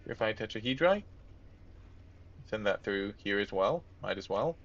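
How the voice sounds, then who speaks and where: A low-pitched man with a gravelly edge thinks aloud as he plays, drifting between quiet mutters and sudden lifts. His voice sits close and dry, with a slightly dull, lo-fi tone. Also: expressive, moderate pace. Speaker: let's-play gamer. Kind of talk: casual gameplay commentary.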